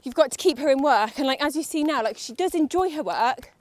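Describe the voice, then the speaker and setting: Nervous high-voiced woman on horseback. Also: expressive, fairly quick, dry recording. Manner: nervous and chatty, talking to her horse and viewers. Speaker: vlogger riding her horse. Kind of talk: casual chat while riding. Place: outdoor riding arena.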